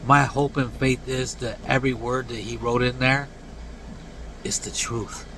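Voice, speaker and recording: A man in his late forties delivering a blunt, earnest rant to camera, dropping to low mumbled tags at the ends of lines. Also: little pitch movement, moderate pace, background noise. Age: 40s. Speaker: vlogger. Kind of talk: casual preachy rant to camera.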